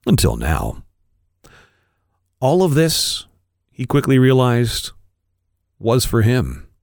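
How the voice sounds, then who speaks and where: A man, a podcast co-host, reading an erotic story aloud with expressive, varied delivery. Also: medium pitch, slow pace, gravelly, no room sound, studio quality.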